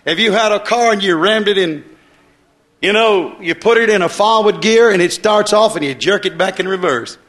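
Preacher, man, high-pitched, folksy and excitable, rising loud then dropping soft. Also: normal speed. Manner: folksy and excitable, swinging between loud bursts and soft asides. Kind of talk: sermon.

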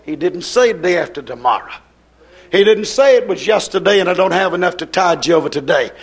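A man preaching a sermon in an emphatic, repetitive cadence, breaking into shouts. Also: sits high, expressive, fairly quick, slightly rough.

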